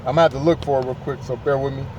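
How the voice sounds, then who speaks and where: A man's voice: mid-range voice, steady tone, racing, muffled recording. A man preaching informally outdoors, emphatic and repetitive, often saying "man" and "okay". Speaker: street preacher. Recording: distant mic, loud traffic noise outdoors.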